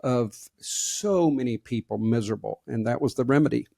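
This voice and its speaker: A man's voice: medium pitch, normal speed, vocal fry, mellow, no room sound, clean studio sound. A man with a Southern US accent co-hosting a podcast in a folksy, plainspoken way, giving advice to leaders. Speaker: podcast co-host. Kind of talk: casual podcast talk.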